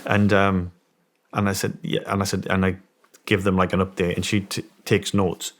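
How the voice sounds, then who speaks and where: A man's voice: deep voice, little pitch movement, moderate pace, a bit bright. A man telling a story in casual conversation as a guest, rambling with many restarts and emphatic points. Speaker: guest, former special forces soldier.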